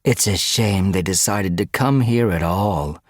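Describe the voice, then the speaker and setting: A man's voice: low-pitched, a little slow, no room sound, studio quality. A man voicing a disdainful tomcat guard with a scornful, taunting manner. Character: snorting, disdainful tom guard cat.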